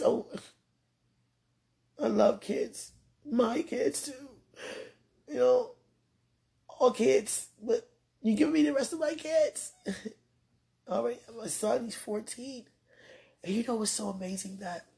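A woman's voice: low voice, a little mellow, slightly rough. A woman speaking casually and earnestly to her partner, rambling with restarts, religious phrasing and frequent laughter. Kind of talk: casual heartfelt talk.

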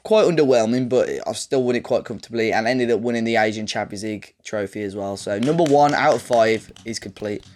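A man's voice: lowish voice, brisk, few pauses, a little mellow. A man, co-hosting a podcast, telling a long casual story with plenty of fillers and restarts. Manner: rambling, chatty storytelling with fillers. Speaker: podcast co-host. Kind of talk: casual chat about a football management game save.

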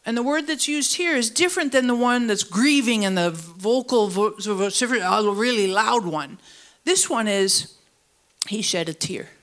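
A woman with a high voice preaches a sermon to a church congregation, part of it in the room and part online. Her delivery is animated: she lifts her pitch far up to stress a point, then sinks low and slow, and she pulls the listeners in by asking them to finish her sentences. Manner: asks the congregation to fill in words. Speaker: pastor. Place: church service, also streamed online.

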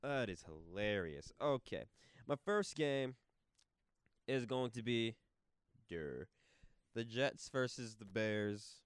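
A man co-hosting a sports podcast, chatting in an animated, informal way. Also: mid-range voice, slow, clean tone, no room sound, clean studio sound. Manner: animated, laughing, informal slang. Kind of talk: casual sports chat.

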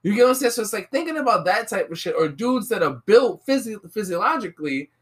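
A woman's voice: mid-range voice, big pitch swings, fast talker. A woman talking casually with a friend, pressing her argument in earnest. She leans on slang and keeps checking that she is understood. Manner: argues earnestly with slang and repeated "you get what I'm saying". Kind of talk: casual chat.

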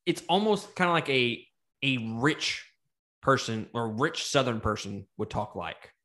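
A man in easy, casual conversation about a film, swearing freely and breaking into laughs. His voice sits at a middle pitch, and his energy rises and falls as he makes his points. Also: unhurried. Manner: animated, profane, laughs often. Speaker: podcast co-host. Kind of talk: casual movie review chat.

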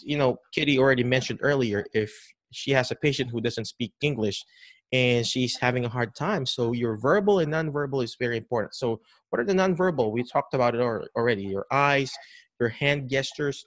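This interview over a podcast call features a male dementia care educator who animatedly plays out caregivers greeting patients, restarting again and again. He speaks at medium pitch and a moderate pace on a dry recording.

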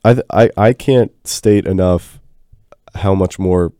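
Deep-voiced, congested young man. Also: takes it slowly, warm tone, no echo, clean studio sound. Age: young adult. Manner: easygoing, rambling storyteller. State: congested from a cold. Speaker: co-host. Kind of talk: casual chat. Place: college radio studio.

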